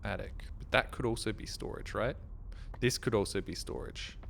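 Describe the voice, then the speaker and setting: A man casually commenting while he plays a horror game live, rambling and joking, swearing and yelling at scares. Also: lowish voice, moderate pace, vocal fry, slight background noise. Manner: rambling, jokey, swears, yells at jump scares. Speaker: streamer.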